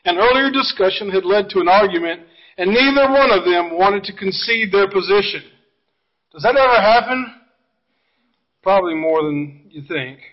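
Man, pastor, sermon, folksy jokes, high voice, muffled recording. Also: expressive, moderate pace. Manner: folksy storytelling with jokes and asides to the congregation. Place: church sanctuary.

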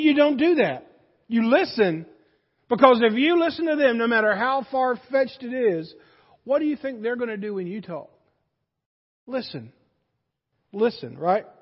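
High-voiced man preaching in a hall. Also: animated, normal speed. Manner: folksy storytelling preacher, rising to loud emphasis. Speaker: pastor. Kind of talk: sermon. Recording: dull sound with long hall reverb.

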